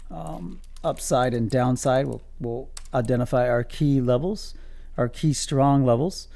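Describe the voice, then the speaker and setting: A man's voice: mid-range voice, vocal fry, mellow. A man streaming his day trading live, calling out levels to viewers in a casual, joking, self-amused way.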